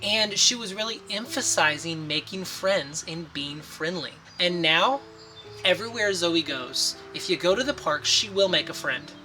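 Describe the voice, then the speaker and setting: A man, a father of daughters, talks earnestly about raising children, steady and sincere in his delivery. He now and then slips into short quoted phrases, acting them out. Soft music plays faintly behind him. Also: high-pitched, measured pace. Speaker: parenting channel host, father of daughters. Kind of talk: earnest advice talk to camera.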